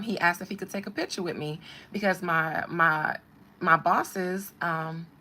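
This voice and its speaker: A woman casually telling a personal story on a podcast in an animated, frank way, swearing freely. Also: lowish voice, a little hiss or hum.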